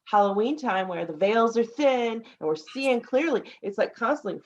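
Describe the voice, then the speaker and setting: A woman's voice: on the high side, lively intonation, normal speed, hardly any pauses, a little mellow. Woman, podcast host, casual chat, rambling, lots of fillers, somewhat muffled recording. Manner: rambling, many fillers and restarts. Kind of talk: casual conversational interview. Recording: slightly dull lo-fi audio.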